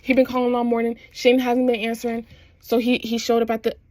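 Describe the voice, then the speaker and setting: Woman, higher voice, casual chatty recap, slangy, laughing, dry close sound. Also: monotone, fairly quick, a little mellow, no echo. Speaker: vlogger.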